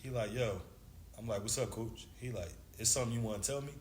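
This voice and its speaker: A man in his thirties who used to play basketball tells a long story in a relaxed, slangy style, acting out the dialogue as he goes. His voice sits at medium pitch and moves at a quick pace. The recording has an echoey room sound with faint background noise.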